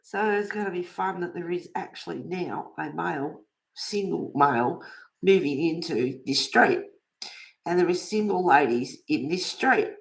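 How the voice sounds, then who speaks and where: A woman's voice: lowish voice, animated, a little slow, gravelly. Gossipy woman over fifty. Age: 50s or older. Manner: gossipy storytelling, laughs often. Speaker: livestream host. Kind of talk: casual chat while colouring.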